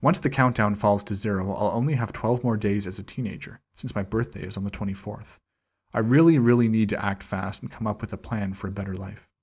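A man reads a journal aloud in the first person at an even, measured pace, and he slows down on each date. His voice sits fairly low and has a husky, breathy grain. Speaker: channel host reading a document aloud.

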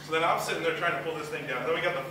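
This young man's slightly high voice carries a rambling, self-deprecating student stand-up routine with rapid acted-out asides. He's on a university talent show stage, captured by a distant, very echoey hall mic in a very noisy room full of crowd ambience and audience laughter.

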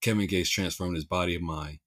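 A man's voice: sits low, steady tone, fairly quick, fairly bright tone. A male podcast host with a Philadelphia accent, chatting casually and restarting his sentences often with repeated words.

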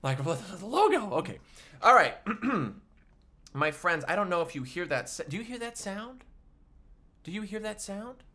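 A man teaching a livestreamed music class for small children, talking in an animated, sing-song way. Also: high voice, measured pace, a little hiss or hum.

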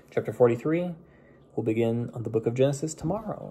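A man reading scripture aloud at an unhurried pace, with small slips and restarts, and closing in prayer. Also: mid-range voice, expressive, mellow, a little hiss or hum. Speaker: scripture reader. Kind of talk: daily Bible reading aloud.

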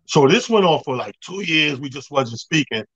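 A man's voice: fairly high pitch, animated, moderate pace, a bit bright, slightly rough, dry recording, muffled recording. A middle-aged man, a comedian, telling a story in a slangy, emphatic way and acting out both sides.

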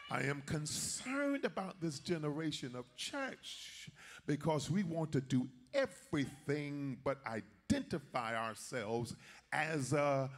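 Bishop preaching slow, husky voice, folksy, talks right at the congregation. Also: male voice, fairly high pitch, animated. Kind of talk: sermon.

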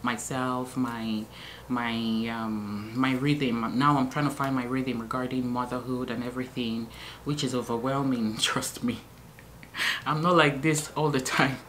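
A woman with a low-pitched voice talks casually to her camera at home. She rambles with fillers and self-corrections. A faint background hiss sits under her voice. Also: unhurried. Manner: chatty, many fillers and restarts, animated when reliving moments. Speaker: vlogger, new mother. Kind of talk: casual vlog storytelling.

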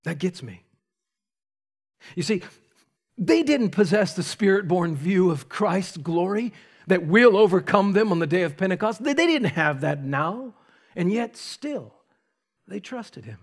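A man preaching a sermon as pastor, speaking emphatically with dramatic pauses and rising intensity. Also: high voice, expressive. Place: church sanctuary.

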